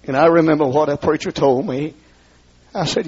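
A man with a rural Southern accent preaching his testimony in a large hall, dropping low to tell his story and rising to shout. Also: normal speed, husky. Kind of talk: fiery revival sermon. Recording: dull lo-fi recording.

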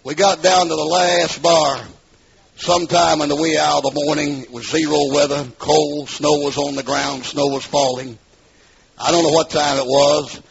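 A middle-aged man giving an emphatic testimony sermon, his voice gravelly and pitched a bit high. He drives the story forward and rises into shouts. The recording is dull and lo-fi. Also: flat delivery, normal speed.

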